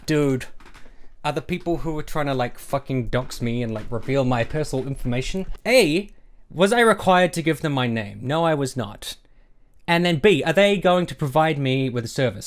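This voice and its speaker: Profane, sarcastic ranting man. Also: mid-range voice. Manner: angry, sarcastic, heavily profane. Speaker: YouTuber. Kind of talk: profane rant vlog.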